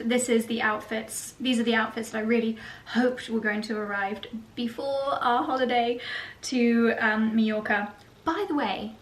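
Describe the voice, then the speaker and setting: Woman in her 30s, fashion vlogger, fairly high voice, gushing and giggly. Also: a bit bright, slight background noise. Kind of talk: chatty vlog to camera.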